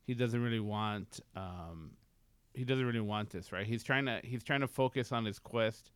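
A man with a smooth, lower voice talking casually about a film and summing up its plot. He is recorded close and dry. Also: normal speed, dry recording. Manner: easygoing, agrees often, laughs along. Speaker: podcast co-host. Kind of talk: casual movie rewatch chat.

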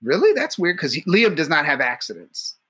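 A man with a bright, forceful tone and a husky, slightly breathy edge, swapping crude stories on a casual podcast. He swears freely and laughs a lot as he talks. His voice sits a bit higher than most men's. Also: wildly swooping pitch, brisk. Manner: profane, storytelling, laughs often. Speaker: podcast co-host.

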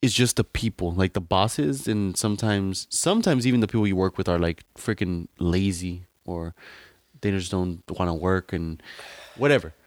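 A man's voice: deep voice, normal speed, dry recording. Rambling young man, dry close sound. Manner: rambling storytelling, filler-heavy, slangy. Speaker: podcast co-host. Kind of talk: casual chat.

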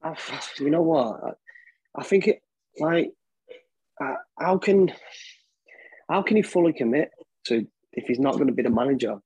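A man on a casual podcast panel, talking haltingly with false starts. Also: fairly high pitch, darkish tone, slightly rough, dry recording, poor audio. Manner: hesitant, halting. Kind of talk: casual chat.

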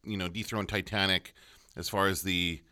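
A man's voice: sits low, fairly even intonation, moderate pace, sharp tone. A man co-hosting a podcast in casual chat, chatty and laughing often. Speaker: podcast co-host.

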